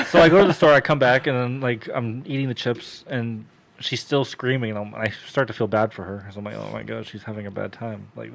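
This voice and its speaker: A man's voice: medium pitch, creaky. A man on a casual podcast telling a long, profane personal story, often laughing and acting out what others said. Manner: profane, laughing, acts out voices in quotes.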